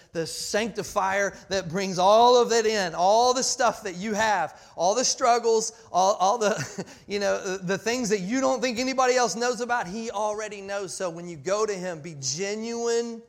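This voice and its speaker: A man in his forties preaching a sermon, passionate and full of restarts, swinging between loud emphasis and quiet asides. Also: high-pitched, a little slow. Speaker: pastor.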